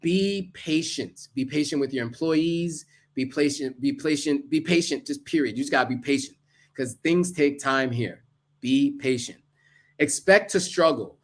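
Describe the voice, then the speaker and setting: A man's voice: mid-range voice, normal speed. A man giving earnest, casual advice to camera, listing tips with asides along the way. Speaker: vlogger.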